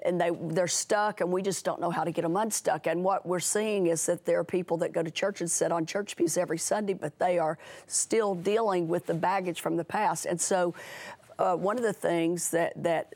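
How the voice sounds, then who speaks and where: A woman's voice: lowish voice, gravelly, a little mellow. A woman who is a guest on a faith talk show, telling stories earnestly and often restarting her sentences. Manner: earnest storytelling with frequent restarts.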